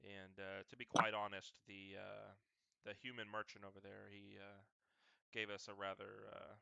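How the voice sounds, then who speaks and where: A man's voice: on the low side, flat delivery, moderate pace, gravelly, pushed and bright, clean tone, muffled recording, exaggerated voice. A man playing a polite adventurer who haggles hesitantly. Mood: courteous. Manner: hesitant, courteous.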